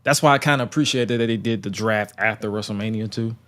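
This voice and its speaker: A man's voice: lowish voice, quick pace, fairly bright tone. Rambling man in casual chat. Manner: rambling, stumbles and repeats words.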